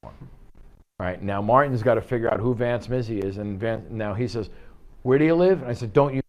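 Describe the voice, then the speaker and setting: A man coaching real estate agents through cold-call scripts in an office. He talks lively and animated, slipping into quoted voices for each side of a phone call. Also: on the low side, fairly quick. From United States. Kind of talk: office training talk.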